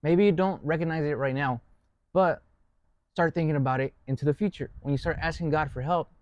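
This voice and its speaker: A man's voice: on the high side, fairly quick, dry recording, muffled recording. Earnest man sharing faith stories. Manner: storytelling, earnest, filler-heavy. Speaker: podcast co-host. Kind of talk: casual faith talk.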